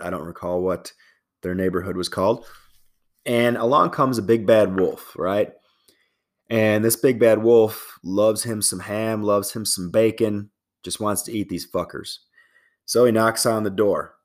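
A middle-aged man hosting a fitness podcast, talking in a loose, rambling, profane casual monologue. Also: low-pitched.

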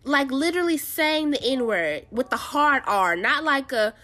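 A woman's voice: sits high, lively intonation, unhurried, bright, forceful tone. A woman hosting a show, giving casual pop-culture commentary in a blunt, sassy way and talking straight to her viewers. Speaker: show host.

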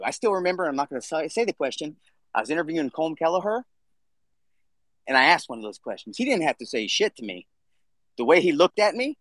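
A man's voice: on the high side, a bit bright, dry recording. A man hosting a casual live audio chat, talking bluntly and swearing freely. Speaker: podcast host.

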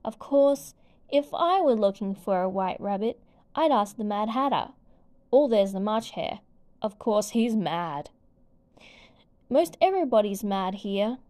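A woman voicing a sly, grinning male cat in a slow storybook reading, with a teasing, playful manner. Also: mid-range voice, lively intonation, darkish tone, natural voice.

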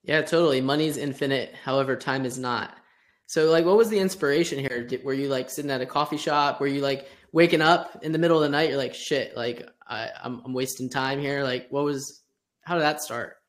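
Laid-back male co-host, slightly raised pitch, playful and casual. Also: brisk. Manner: loose, joking, laughs easily. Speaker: podcast co-host. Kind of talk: casual interview chat.

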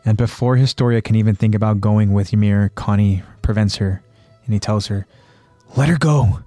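A man's voice: on the low side, level tone, a little fast, dark tone, dry recording, faint music behind. A man hosting a podcast, plainly retelling an anime episode with fillers. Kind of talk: episode recap narration.

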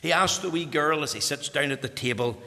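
A man preaching a sermon, dropping to hushed whispers and then rising to loud, fervent emphasis. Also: a little high, brisk, vocal fry. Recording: long reverb of a large hall.

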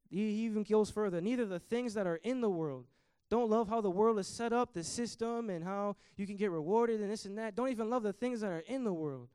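Young male preacher, high and smooth voice, dry close sound, fervent sermon delivery that swells on scripture. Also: a little mellow, no room sound. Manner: impassioned preaching, surges in volume on scripture quotes. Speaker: youth preacher. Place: church.

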